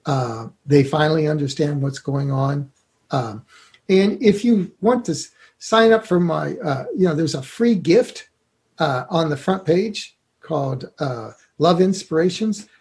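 Male guest author in a casual chat, high-ish voice, rambling and filler-heavy. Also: a little slow, darkish tone. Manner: rambling, many fillers, laughs easily.

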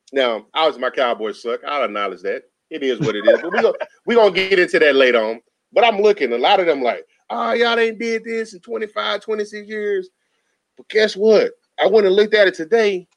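A man's voice: a little high, animated, brisk. A man co-hosting a casual sports talk show, making emphatic, opinionated points.

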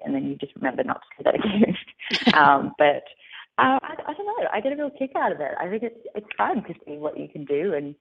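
Gravelly young woman with Australian-American accent on a phone line. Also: low voice, very animated, brisk, slight background noise. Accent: Australian mixed with American. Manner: chatty, upbeat, many fillers. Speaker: actress guest. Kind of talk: phone interview.

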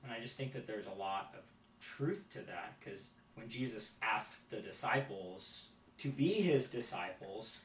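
A man's voice: lowish voice, animated, unhurried, a little hiss or hum. Man on a roomy, distant mic. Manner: reflective, with frequent restarts and "right?" tags. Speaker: podcast guest. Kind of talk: conversational faith podcast chat.

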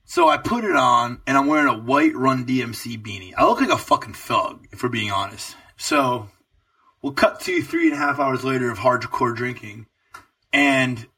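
A man's voice: brisk, far from the mic. A young man co-hosting a podcast, telling a long story in a loose, profane way with lots of energy. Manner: animated, profane storytelling with swooping pitch. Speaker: podcast co-host. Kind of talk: casual storytelling chat.

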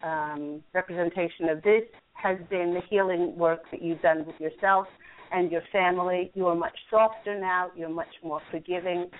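A woman hosting a call-in radio show, giving angel card readings in a soothing, encouraging way with frequent laughs. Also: on the low side. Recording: phone-like lo-fi line.

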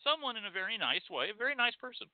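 A man hosts his show in a sarcastic, profane rant. His fairly high voice swings up and down a lot. The sound is dry and thin, like a phone line. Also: big pitch swings, fast, no echo. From Texas. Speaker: show host. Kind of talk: ranting monologue.

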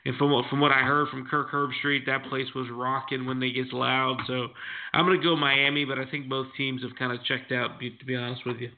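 A man co-hosting a casual sports chat, halting and often restarting his sentences. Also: mid-range voice, flat delivery. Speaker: sports podcast co-host. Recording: tinny phone-like line.

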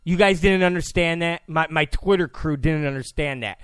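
A man's voice: a little high, moderate pace, fairly bright tone, clean tone, no room sound. A male talk show host delivering a political monologue in a mocking, joking way, with mock apologies.

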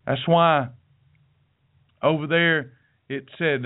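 A man's voice: high-pitched, expressive, a little slow. Man preaching over a tinny line. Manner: folksy, sermon-like, addresses listeners directly. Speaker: podcast host. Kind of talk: preachy motivational talk. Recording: tinny phone-like audio.

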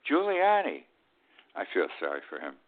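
A man's voice: on the low side, huge pitch swings, normal speed. A man in his eighties hosting a political commentary show, blunt and indignant, often repeating himself. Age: 80s. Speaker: host. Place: Key West. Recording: tinny phone-like line.

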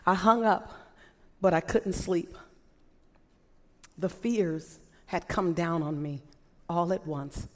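A woman with a lowish, darkish voice gives an impassioned inspirational speech to a live audience in a big hall, speaking slowly with long pauses. The motivational speaker repeatedly asks rhetorical questions, and the hall adds long reverb.

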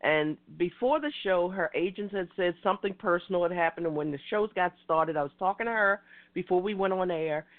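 A woman's voice: on the low side, fairly quick. A woman hosting an internet talk radio show, talking in an effusive, passionate, rambling way. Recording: tinny phone-like line.

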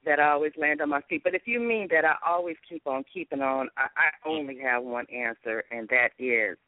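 A woman's voice: deep voice, a little fast, no room sound. A woman from Los Angeles, a guest author and comedy writer, speaking candidly and expressively in a talk-show interview, often laughing. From Los Angeles, USA. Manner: lively, laughing, expressive, testimonial. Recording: tinny phone-line sound.

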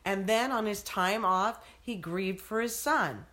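A woman's voice: mid-range voice, unhurried, fairly bright tone. A woman hosting a talk show, earnestly telling a story in casual chat. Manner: earnest, tells stories. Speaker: show host.

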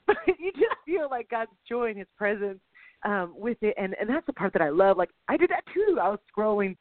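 A woman co-hosts a casual podcast, talking fast and animated and poking fun at herself. Her voice comes through a tinny phone line with no room sound. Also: mid-range voice, no echo. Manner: chatty, animated, self-deprecating. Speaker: podcast co-host. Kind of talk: casual chat.

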